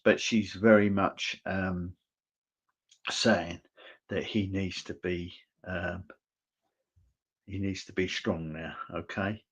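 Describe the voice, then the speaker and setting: A deep-voiced man works as a medium in an online church service, passing on messages in a slow, unhurried way. He pauses often and keeps checking in with his listener in a gentle, reassuring tone. The sound is dull and lo-fi, like an online stream. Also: steady tone, breathy edge. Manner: halting and hesitant, checking in with "okay?". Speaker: spiritualist medium.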